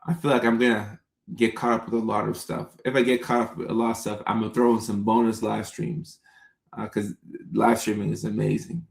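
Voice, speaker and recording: A man's voice: mid-range voice, vocal fry, echoey room. A man hosting a live stream, chatting casually and responding to viewer comments. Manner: laid-back, chatty, reads out viewer comments.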